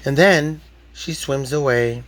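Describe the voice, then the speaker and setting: A man reading a rhyming picture book aloud to a child, with expressive, rhythmic delivery. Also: mid-range voice, slow. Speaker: storybook reader.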